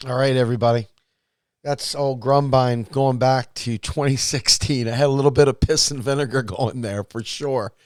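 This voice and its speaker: A male host chatting casually on a live stream, relaxed, blunt and self-deprecating. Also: mid-range voice, normal speed, no room sound, studio quality.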